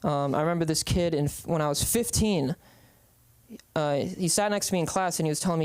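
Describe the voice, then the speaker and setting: A man's voice: a little high, fairly quick, darkish tone, clean tone, dry recording. Rambling young man doing stand-up. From San Francisco Bay Area. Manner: rambling, hesitant, lots of ums. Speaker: stand-up comedian. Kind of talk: open-mic stand-up.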